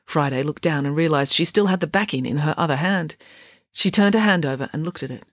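A woman reading a children's novel aloud with lively expression. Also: brisk, no echo, clean studio sound. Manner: lively, voices dialogue with big pitch swings. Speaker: audiobook reader.

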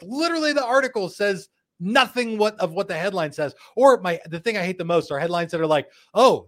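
Hosting a live show, this man has a high, fairly bright voice. He reads out viewer comments with jokes, laughs frequently, and briefly puts on voices when quoting.

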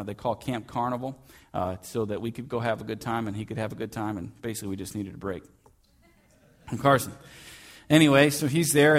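A man preaching a sermon in a church as the pastor, in a relaxed storytelling manner with frequent fillers. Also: mid-range voice.

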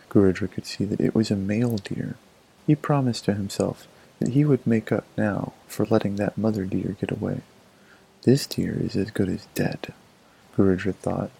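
A male storyteller reads a folk tale in a measured, expressive way. His voice sits low, with a dark, mellow tone and a husky grain. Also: poor audio. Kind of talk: storybook narration.

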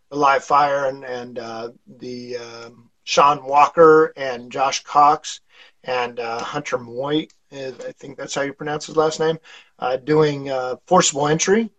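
A man's voice: medium pitch, fairly bright tone, low-quality recording. A man being interviewed on a casual podcast, telling stories in a rambling way with lots of fillers and chuckles. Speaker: podcast guest, fire instructor.

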